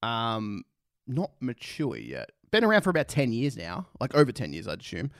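A man's voice: mid-range voice, sing-song, a little fast, a bit bright, no room sound, studio quality. A man giving profane, sarcastic reaction commentary. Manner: sarcastic, mocking, swears a lot.

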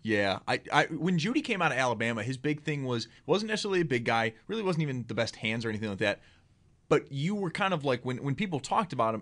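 A man's voice: medium pitch, a bit bright. A man co-hosting a football draft show, talking casually and with strong opinions, often restarting his sentences. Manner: quick, opinionated, restarts a lot. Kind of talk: casual sports talk.

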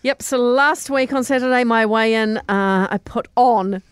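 A woman's voice: on the high side, normal speed, clear, resonant tone, no echo. A woman with a New Zealand accent co-hosting a radio show in chatty, easily amused banter. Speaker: radio co-host.

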